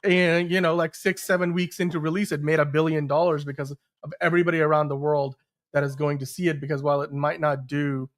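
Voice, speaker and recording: A man's voice: fairly high pitch, level tone, brisk. A man hosting a live-streamed podcast, talking in a rambling casual way with many restarts. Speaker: podcast host.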